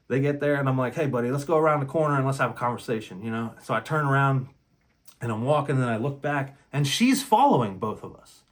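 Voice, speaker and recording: Man, young adult, blunt and heated, casual storytelling monologue, mid-pitched voice. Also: expressive, quick pace. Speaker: relationship talk channel host.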